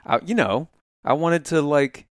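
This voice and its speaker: Smooth-voiced man in his thirties. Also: fairly high pitch, unhurried, no echo, clean studio sound. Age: 30s. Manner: relaxed, jokey, short reactions. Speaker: podcast co-host. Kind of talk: casual chat.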